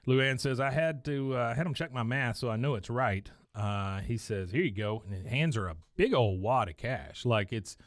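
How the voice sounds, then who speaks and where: A man's voice: medium pitch, normal speed, few pauses, no room sound. A man in casual podcast chat, walking through scenes and reading out bits of dialogue. He laughs often and lightly changes his voice for the quotes. The sound is close and dry, with no room around it. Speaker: podcast co-host recapping an episode.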